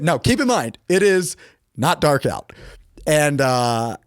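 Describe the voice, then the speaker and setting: Studio-quality audio with no room sound carries a middle-aged American man's measured voice as he tells a casual story on a podcast. As a guest, he acts out quotes animatedly, his pitch jumping suddenly.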